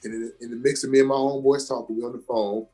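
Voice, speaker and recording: Young guy from georgia, kinda husky, telling a story all fired up in a chill interview. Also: mid-range voice, quick pace, faint music behind. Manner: animated, emphatic storyteller. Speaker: actor and comedian guest.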